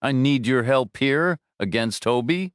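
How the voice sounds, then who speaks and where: A man voicing a frightened, confused businessman who pleads and yells in panic, in a storybook reading. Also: medium pitch, lively intonation, unhurried, smooth, no room sound, studio quality, voice pushed up, close to an everyday voice. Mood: panicked. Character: scared, bewildered older male businessman.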